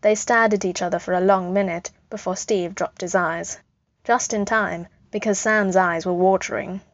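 A woman's voice: mid-range voice, fairly even intonation, moderate pace. A woman reading a story aloud as narrator, with a dry, wry storytelling manner, in a dull lo-fi recording. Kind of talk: audiobook reading of fan fiction.

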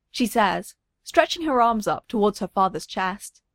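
A woman reading a story aloud in a gentle, expressive voice that moves a lot in pitch. The sound is close and dry, with no room echo. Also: a little slow. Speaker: narrator.

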